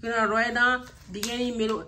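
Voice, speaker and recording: Bright-voiced mother coaching her child. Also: fairly high pitch, little pitch movement, fast talker, slight background noise. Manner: patient, coaxing teacher, repeats praise. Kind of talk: casual home lesson.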